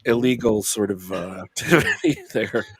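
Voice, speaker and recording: A man's voice: lowish voice, normal speed, husky, dry recording. A man hosting a live stream panel, chatting casually and reading out plugs and links in an easygoing way. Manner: easygoing, reads out sponsor and link notes. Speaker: host.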